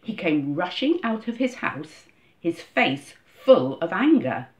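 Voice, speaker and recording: Brief: woman, low and animated voice, measured storyteller reading a church reflection on a muffled recording. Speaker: church reader. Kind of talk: scripted first-person reflection reading. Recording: dull lo-fi recording.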